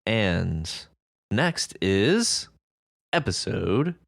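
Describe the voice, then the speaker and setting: A man's voice: fairly low pitch, very animated, gravelly, dry recording, clean studio sound. A man co-hosting a writing podcast, chatting casually and often restarting his sentences. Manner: chatty, halting, many restarts. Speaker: podcast co-host. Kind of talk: casual chat.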